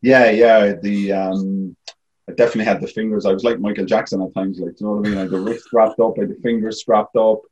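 A man's voice: on the low side, flat delivery, fast, darkish tone, dull audio. An Irish man, a former goalkeeper, telling stories as a guest in a casual, rambling way, full of "like, you know.". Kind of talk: casual storytelling.

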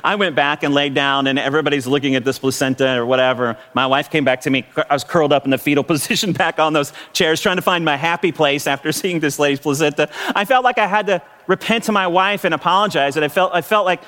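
A middle-aged male pastor tells a personal story from the pulpit in a high, quick voice. He is animated, often laughing and restarting his phrases as he goes. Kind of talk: sermon storytelling.

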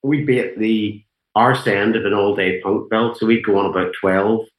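Man, Northern Irish accent, middle-aged, deep low voice, rambling storyteller, quotes others, casual interview. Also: fairly even intonation, moderate pace, poor audio. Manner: rambling anecdotes, quoting others, many fillers. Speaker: guest musician, guitarist.

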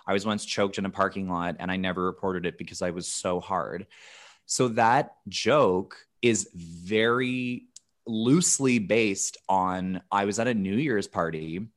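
A man's voice: low-pitched, unhurried. A man in his thirties, a podcast guest telling candid, profane stories in casual chat, often restarting his phrases.

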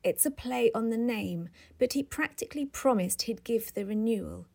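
A woman's voice: fairly high pitch, expressive, moderate pace, gravelly, a little mellow. A woman reading the part of an earnest male ad canvasser who explains and pleads.

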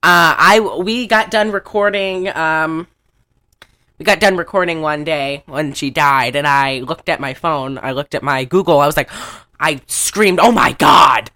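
A woman's voice: deep voice, unhurried, pushed and bright. A woman co-hosting a podcast in a rambling, giggly casual chat. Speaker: podcast co-host.

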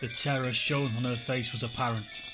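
A man's voice: medium pitch, steady tone, over music, rough recording. Man narrating a spooky tale. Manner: slow, spooky storyteller delivery. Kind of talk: dramatic storytelling narration.

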